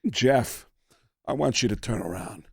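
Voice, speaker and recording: A man doing an impression of a menacing older male film actor, with slow, clipped, oddly paced threats. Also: medium pitch, creaky, husky, no echo, studio quality.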